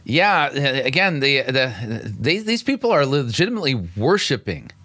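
A man's voice: mid-range voice, very animated, moderate pace, pushed and bright, no echo. A man hosting a radio show, giving sarcastic, incredulous commentary on video clips, often stumbling and restarting. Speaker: radio show host and pastor.

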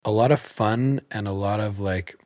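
A man's voice: lowish voice, normal speed, a little mellow, no room sound, studio quality. A man who works as a realtor, talking in a casual podcast chat as a guest, telling stories animatedly and laughing often.

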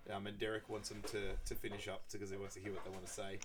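A man's voice: on the low side, monotone, rapid-fire, background noise. A man co-hosting a podcast, recapping a film in casual chat and acting out quoted lines in raised voices. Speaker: podcast co-host.

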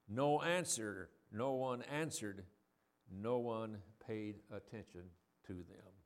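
A man giving a sermon, reading scripture and explaining it in a conversational way, asking the listeners questions and raising his voice for quoted lines. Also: mid-range voice. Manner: conversational, asks the audience questions; reads scripture quotes in a raised voice. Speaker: preacher.

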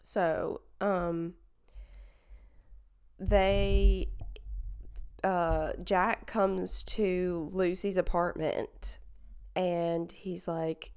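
A woman's voice: lowish voice, very slow, a little mellow, clean tone. A young woman talking casually about a movie, rambling and full of fillers and self-corrections. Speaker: movie reviewer. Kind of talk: casual chat.

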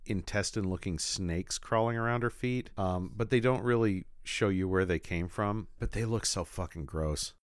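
A man with a fairly low voice co-hosting a casual podcast. He weighs things up calmly, then gets worked up when something strikes him as crazy. The recording is dry and close. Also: smooth, dry recording. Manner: measured critic who gets worked up over odd facts. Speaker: podcast co-host. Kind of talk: casual chat.

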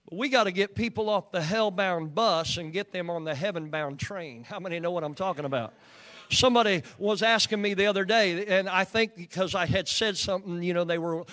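Folksy Oklahoman preacher, high voice. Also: normal speed, a bit bright. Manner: folksy, asks the congregation questions. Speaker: pastor. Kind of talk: sermon. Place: church.

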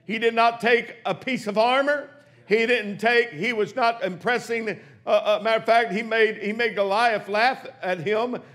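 A preacher man with a strikingly high voice delivers a sermon in a church sanctuary. He builds to shouts and calls out to his congregation. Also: fairly even intonation, normal speed. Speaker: pastor.

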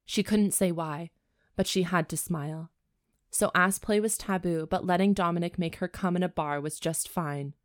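A woman co-hosting a comedy podcast, reading a steamy novel aloud and tossing in crude jokes. Her voice sits a little low. The recording is close and dry, with little room sound. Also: fairly even intonation, normal speed, dry recording. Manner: bawdy, joking asides. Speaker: podcast co-host and reader.

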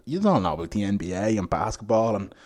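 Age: adult. Sex: man. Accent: Irish. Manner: animated storyteller. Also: fairly low pitch, fast talker. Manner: animated storyteller, laughs often. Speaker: guest. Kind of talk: casual podcast chat.

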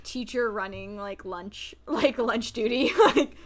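A woman hosting a podcast, chatting casually and laughing often as she recaps a show. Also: on the high side. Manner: laughing, animated, quick asides. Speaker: podcast host. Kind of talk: casual chat.

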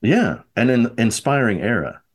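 A man's voice: medium pitch, big pitch swings, normal speed. A middle-aged man hosting a podcast, chatting casually and thinking aloud. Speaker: podcast host. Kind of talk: casual chat.

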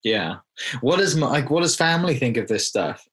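A man hosting a podcast interview, asking questions haltingly with many restarts. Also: mid-range voice, big pitch swings, fairly bright tone, low-quality recording. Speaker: podcast host. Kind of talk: casual interview chat.

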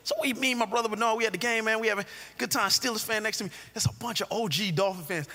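A pastor with a high-sitting voice talks fast, delivering his sermon as a comic story. He's animated and joking, bantering with the audience and tossing in lots of asides. The recording carries a long hall reverb.

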